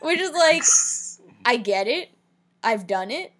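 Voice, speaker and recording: Podcast co-host, woman with a slightly high voice, wry and chatty. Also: sing-song, fairly bright tone. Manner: chatty and wry, quick asides. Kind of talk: casual chat recapping a TV episode.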